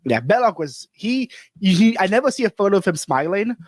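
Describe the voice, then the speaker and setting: A man's voice: high-pitched, big pitch swings, a little fast, dry recording. A man hosting a podcast, telling stories animatedly and laughing often in casual conversation. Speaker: podcast host.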